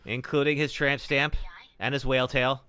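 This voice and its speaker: A man's voice: medium pitch, flat delivery, moderate pace, pushed and bright, smooth. A man streaming a horror game live, chatting with viewers and reacting nervously as he plays. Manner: jittery, talks to chat. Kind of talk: live gameplay commentary.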